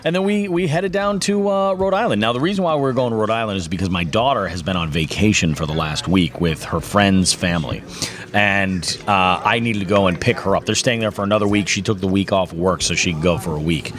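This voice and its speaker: A man's voice: fairly low pitch, a little fast, fairly bright tone. Rambling man hosting a fishing show. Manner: rambling, with many fillers and restarts. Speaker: fishing podcast host. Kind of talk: casual chat.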